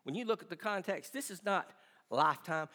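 A man preaching a sermon with impassioned delivery that swings between shouting and hushed pleading. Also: sits high, expressive, a little fast, long reverb tail.

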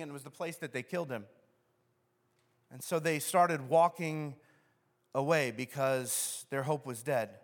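A man preaching a sermon as pastor, telling the story in an animated way and acting out the scenes. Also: fairly high pitch. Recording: long hall reverb.

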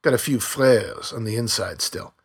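A man's voice: lowish voice, moderate pace, breathy edge. A man voicing an anxious, married family man who swears and raises his voice. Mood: guarded.

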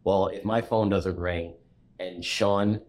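A middle-aged man, a commercial real estate broker, telling stories from his career in a relaxed interview. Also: low voice, slow. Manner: animated storyteller who acts out the people he quotes. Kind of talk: storytelling in a conversational interview.

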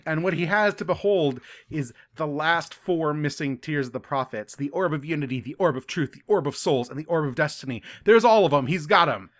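A slightly high-voiced man chats through a book recap as a podcast co-host. He laughs often and slips into playful acted-out lines for the characters. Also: a little fast, few pauses. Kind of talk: casual chat recapping a book.

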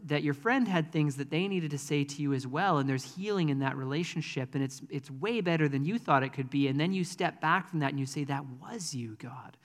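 A man's voice: on the high side, in a large hall. A man preaching a sermon in a conversational, earnest way, with frequent ums. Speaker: pastor.

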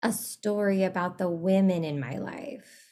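A woman's voice: on the low side, measured pace, warm tone. Giggly, chatty woman guest. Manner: chatty, laughs often, trails off mid-thought. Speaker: interview guest. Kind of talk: casual interview chat.

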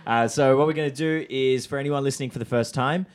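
Quick, chatty male podcast host. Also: medium pitch, fairly even intonation, a loud crowd. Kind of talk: casual chat.

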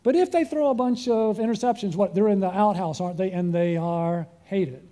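A man's voice: high-pitched, brisk, warm tone. An older man preaching a sermon, often putting questions to his listeners. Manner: asks the congregation questions. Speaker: pastor.

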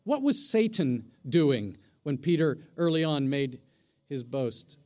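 A man's voice: on the high side, big pitch swings, slow pace, a little mellow. A middle-aged man, a pastor, preaching a sermon in a conversational way, often asking the congregation questions.

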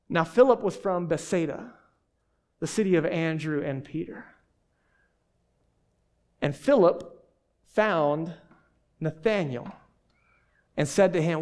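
A man preaching a sermon to a congregation as pastor, speaking in an animated, conversational way with emphatic repetitions. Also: fairly high pitch. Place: church hall.

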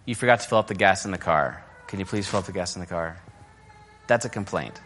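A man's voice: low-pitched, quick pace, fairly bright tone, faint music behind. A man giving a casual, conversational sermon on marriage, full of fillers and restarts, sometimes mimicking quoted criticism in a raised, mocking voice. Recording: long hall reverb.

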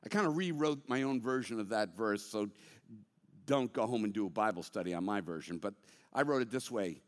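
A man preaching a sermon, emphatic, swinging between loud bursts and slow, low asides. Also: expressive. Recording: reverberant hall.

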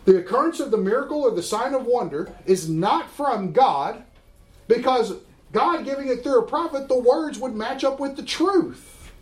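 A man's voice: very high voice, expressive, moderate pace. A man teaching a Bible class, emphatic and often asking the class questions. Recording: roomy room echo.

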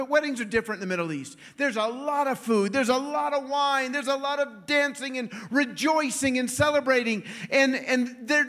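Male preacher, high voice, lively anecdotal sermon, laughs between lines. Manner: animated, acts out quoted voices, laughs often. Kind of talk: storytelling sermon.

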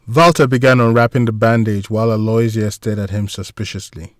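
A man's voice: lowish voice, steady tone, a little fast, no room sound. Dry-voiced male story narrator. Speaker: audiobook narrator. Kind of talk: scripted narration.

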